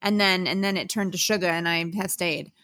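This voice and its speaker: A woman's voice: lowish voice, fairly quick, a crowd in the background. A woman co-hosting a podcast, chatting casually, giggling often and chiming in with short agreement. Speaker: podcast co-host. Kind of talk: casual chat. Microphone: video call.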